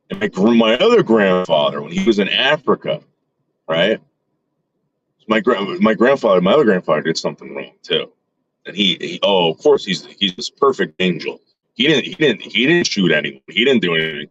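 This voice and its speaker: A man tells a long, rambling story in casual talk, stumbling over restarts and filler words as he goes. His voice sits fairly low. The recording sounds dull and lo-fi. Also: big pitch swings, normal speed, pauses often, fairly bright tone, slightly rough, dry recording. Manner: acts out quoted relatives with voice shifts.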